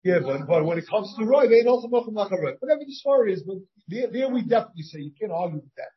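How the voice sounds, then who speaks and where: Amid crowd noise, a man with a high voice and lively intonation teaches a casual Talmud class at a quick pace. This rabbi reasons aloud, frequently starts over, and questions his students. The audio is dull, from a shared class recording made partly over a video call.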